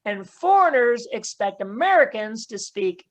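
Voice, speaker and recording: High-voiced woman doing stand-up. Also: very animated, unhurried. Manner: laughs at her own jokes, chatty. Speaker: stand-up comedian. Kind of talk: stand-up set on a virtual comedy show. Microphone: video call.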